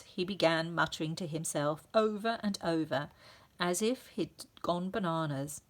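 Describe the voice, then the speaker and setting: Woman teacher reading a children's book, slow and low-pitched, expressive. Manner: expressive, sounding out effects. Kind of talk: storybook reading aloud.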